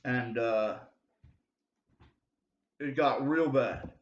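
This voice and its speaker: Speaking very slowly in a mid-range voice, this man delivers a rambling, confessional talk straight to camera as a self-styled video preacher. He leans hard on fillers such as "dude" and "bro" and keeps urgently pleading with whoever is listening. The sound is roomy, dull and lo-fi.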